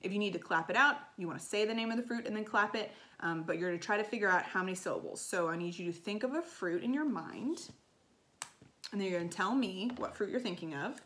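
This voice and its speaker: A woman's voice: medium pitch, fast, a bit bright. A woman music teacher giving a recorded lesson to children, explaining in an upbeat teacherly way with frequent ums and okays.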